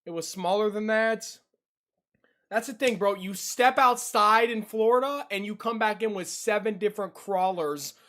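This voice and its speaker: A young male streamer with a high-pitched, pushed, bright voice talks at normal speed directly to his livestream chat. He keeps repeating his lines and gets spooked easily.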